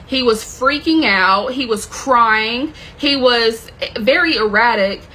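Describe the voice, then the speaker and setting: A woman delivers an intense, emotional personal story to camera, swearing plenty as she dramatically retells it. Her slightly high voice is bright and forceful, slow-paced, in a rough recording.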